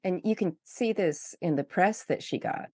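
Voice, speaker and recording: Woman podcast host with a low voice, eager and conversational, on a dry close mic. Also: normal speed, dark tone, dry recording. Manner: conversational, eager, thinking aloud. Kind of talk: podcast interview.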